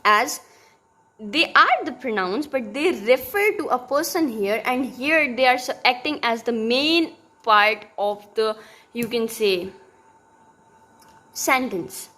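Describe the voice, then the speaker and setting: A woman's voice: on the high side, animated, slow, bright, forceful tone. A young woman giving a recorded linguistics lesson, explaining step by step with many fillers and restarts. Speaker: teacher.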